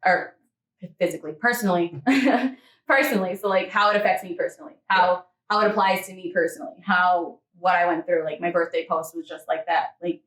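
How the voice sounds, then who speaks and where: A woman fitness model, the guest in an easygoing interview, speaks a little fast with a fairly low, steady and fairly bright voice. Chatty and quick to laugh, she acts out quotes as she goes. Recording is echoey with a distant mic.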